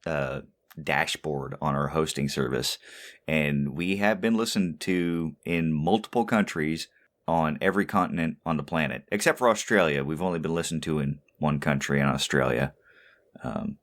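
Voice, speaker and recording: A man's voice: very deep voice, steady tone, moderate pace. A man hosting a casual podcast, easygoing and full of fillers. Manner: easygoing, with many "uh" fillers and chuckles. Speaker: podcast host.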